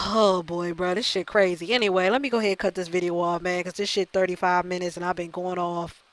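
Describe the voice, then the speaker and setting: A woman's voice: lowish voice, fairly even intonation, brisk, a bit bright, no room sound, low-quality recording. A woman hosting a gaming channel, delivering a profane, exasperated rant that circles back and repeats her points. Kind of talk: ranting video commentary.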